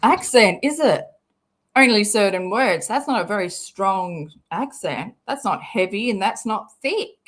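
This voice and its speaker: A woman's voice: mid-range voice, expressive, a little slow, fairly bright tone. A woman hosting a casual livestream, talking bluntly, swearing freely and laughing often. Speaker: livestream host.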